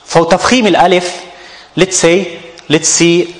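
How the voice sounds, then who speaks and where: A man teaches Quran recitation in an unhurried, measured way, sounding each example over and over. His voice sits a little high for a man. The sound carries a long echo, as though he is in a large hall. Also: steady tone. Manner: slow, patient, repeats each word several times. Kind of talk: tajweed lesson with recited examples.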